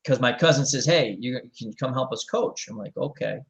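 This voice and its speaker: A middle-aged man hosting a casual chat, telling a long story in a rambling, animated way and acting out the quotes. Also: mid-range voice, normal speed, creaky, highs cut off. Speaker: show host.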